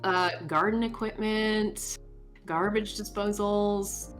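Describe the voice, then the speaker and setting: A woman voicing a sardonic young female barista, reading game dialogue aloud in a dry, deadpan way. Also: medium pitch, slow, faint music behind, lightly acted.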